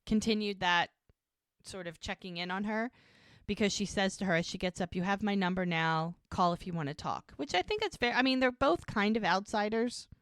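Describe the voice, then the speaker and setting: A woman's voice: medium pitch, lively intonation, moderate pace, a bit bright, dry recording, studio quality. A woman co-hosting a podcast, casually recapping a TV episode and retelling scenes by quoting the characters. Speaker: podcast co-host.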